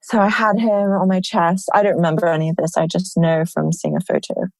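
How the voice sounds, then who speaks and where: A woman guest telling her own story in an open, animated way, with many "like" fillers. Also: fairly low pitch, brisk, dry recording, rough recording. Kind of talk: personal storytelling in a conversation.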